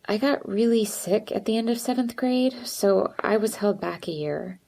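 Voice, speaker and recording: A woman voicing a nervous, withdrawn teenage girl who speaks in a quiet, hesitant way. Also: mid-range voice, moderate pace, gravelly, pitched above the performer's own voice, natural voice.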